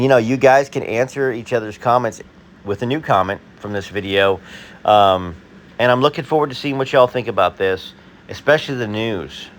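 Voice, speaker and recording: A man hosting his video and reading viewer comments in a casual, halting way, full of fillers and restarts; he sounds tired. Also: on the low side, fairly bright tone, a little hiss or hum.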